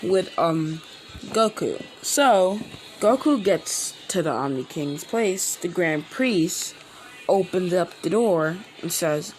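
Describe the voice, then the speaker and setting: A man hosting his own channel, telling a fan-made story in a rambling, halting way with many restarts. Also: sits high, animated, faint music behind, low-quality recording. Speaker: channel host. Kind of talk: casual fan-fiction storytelling.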